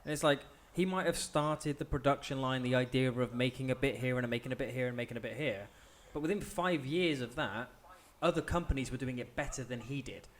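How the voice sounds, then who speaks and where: A British man making a quick, argumentative point in a podcast discussion. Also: mid-range voice. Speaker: podcast co-host.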